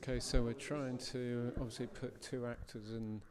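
A man explains in a calm, matter-of-fact way. His pitch stays flat and even, and a crowd can be heard behind him. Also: moderate pace. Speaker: commentator. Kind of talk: explanatory commentary.

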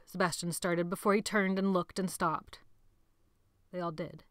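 A woman's voice: fairly low pitch, steady tone, measured pace, clear, resonant tone, dry recording, studio quality. Dramatic woman audiobook narrator. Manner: dramatic, sinks to a whisper at tense moments.

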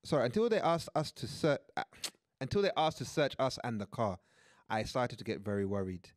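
A man's voice: medium pitch, big pitch swings, a little fast, dry recording, studio quality. A young man, co-hosting a podcast and reading a listener's story aloud with joking asides. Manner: laughs often, reads the story aloud with asides. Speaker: podcast co-host.

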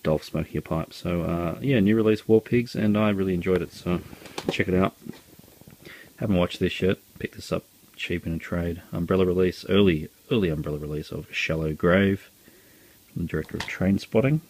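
A man casually talks through his recent film purchases, relaxed and chatty with lots of ums and uhs. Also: low voice, moderate pace, a little hiss or hum. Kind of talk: casual video review.

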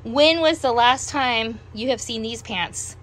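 High-voiced, slow-talking woman. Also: fairly bright tone. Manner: chatty, unhurried, musing aloud. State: breathing heavily after a meal. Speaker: doll collector showing a clothing haul. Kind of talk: casual show-and-tell vlog.

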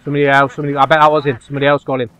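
A man giving live commentary over his own online shooter match, dropping to low muttering and then yelping loudly when the action heats up. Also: racing, highs cut off. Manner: excitable, swings from low muttering to loud yelps. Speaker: gaming YouTuber.

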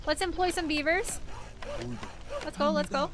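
A woman live-streaming a game in casual commentary, excitable and swearing freely, with yelled outbursts at the game. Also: sits high, normal speed, noisy background.

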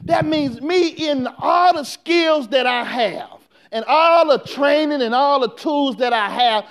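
A man. He works in call-and-response, swinging from quiet talk to full shouts. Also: very high-pitched. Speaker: pastor. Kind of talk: sermon.

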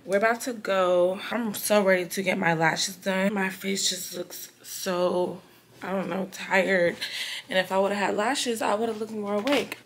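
A young woman talks casually to her vlog viewers. Her chatter is tired and rambling, a stream of small updates at an everyday pitch. Faint clicks can be heard behind her. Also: steady tone, measured pace, a little hiss or hum. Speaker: vlogger.

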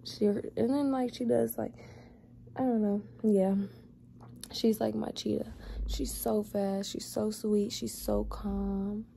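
Chatty young woman with a gravelly voice. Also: medium pitch, flat delivery, slow pace, dark tone, a little hiss or hum. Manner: chatty, doting, talks baby talk to her cat. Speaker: vlogger. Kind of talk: casual vlog chat.

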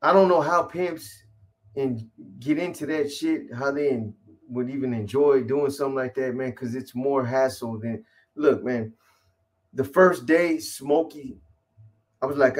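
Guy rambling through a story, lots of cussing and restarts, street talk, middle pitched voice. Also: unhurried. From California. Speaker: guest telling a story. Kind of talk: casual storytelling.

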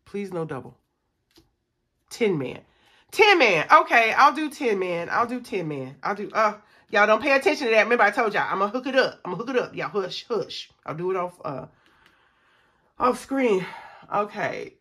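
A young woman talks casually to her viewers, counting dollars out loud as she goes. Her voice is bright and clear, with a mid-range pitch. She comes across as chatty and animated, often breaking off to address the audience directly. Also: normal speed, pauses often. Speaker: budgeting vlogger. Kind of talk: casual chat to viewers while scratching off savings.

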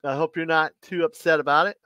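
Man host, rambling live chat, fairly high voice, smooth and dry. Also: steady tone, bright, forceful tone, no room sound. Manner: puts an R in Washington; rambling, halting, many restarts. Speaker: livestream host.

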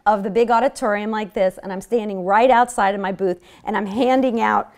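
The woman's mid-range voice holds a steady tone and moves fairly quickly through a public health seminar lecture. She earnestly relates clinic anecdotes, repeatedly backing up to restart her phrasing.

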